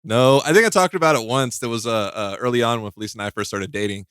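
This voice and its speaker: A man hosting a podcast in casual chat, talking with halting restarts and stammered repeats, joking and laughing at his own stories. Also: medium pitch, very noisy. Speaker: podcast host.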